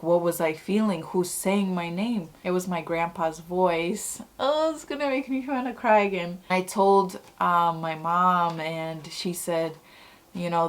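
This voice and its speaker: A young woman vlogger chatting to camera, telling personal stories in a casual, excitable way full of fillers. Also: fairly low pitch. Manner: chatty, many "like"s and "oh my God"s. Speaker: YouTube vlogger.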